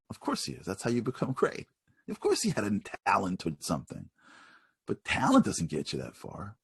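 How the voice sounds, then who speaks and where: A man preaching a sermon in an animated, conversational storytelling manner. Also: on the low side, breathy edge, dry recording.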